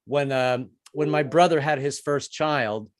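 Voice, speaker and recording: An older man performing a stand-up set in a comedy club, chatty and self-deprecating, with lots of restarts. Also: measured pace. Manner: chatty, self-deprecating, jumps into high-pitched character voices for quoted people.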